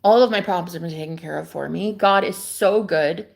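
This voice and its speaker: A young woman livestreaming from a backyard, talking in an excitable, gushing way that jumps between loud exclamations and hushed whispers. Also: on the low side, fairly quick, vocal fry. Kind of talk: casual livestream chat. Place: outdoors in a backyard.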